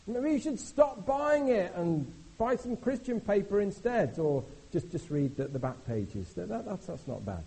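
Lively preacher with a husky voice. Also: male voice, high voice, normal speed, poor audio. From Britain. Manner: animated, conversational, jumps between hushed and exclaiming. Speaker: visiting preacher. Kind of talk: sermon.

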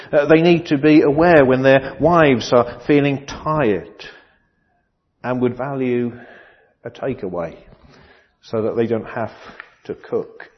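A middle-aged man preaching a sermon, measured and dryly humorous, often restarting his phrases. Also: medium pitch, long reverb tail, highs cut off. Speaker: pastor.

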